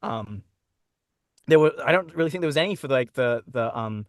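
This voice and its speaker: A man with an Australian accent, chatting as a guest in an interview, talking in quick restarts and laughing easily. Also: mid-range voice, animated, dry recording, clean studio sound. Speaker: guest voice actor. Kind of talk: casual interview chat. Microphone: own microphone.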